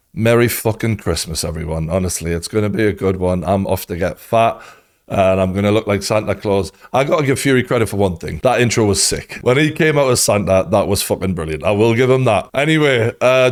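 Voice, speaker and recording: A man with a Geordie accent giving a blunt, sweary, passionate boxing reaction monologue as host. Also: fairly low pitch. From North East England. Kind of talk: casual opinionated reaction monologue.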